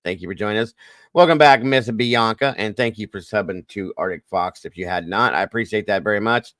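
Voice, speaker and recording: A man hosting a livestream, rattling off quick, folksy greetings to viewers by name. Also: fairly low pitch, a bit bright, dry recording, clean studio sound. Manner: fast, folksy greetings with Southern-style phrasing. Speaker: livestream host. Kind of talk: casual livestream shout-outs.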